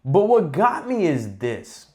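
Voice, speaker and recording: A man hosting a podcast, telling stories in a casual, animated and exasperated rant with plenty of swearing. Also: on the high side, takes it slowly. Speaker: podcast host. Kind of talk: casual ranting monologue.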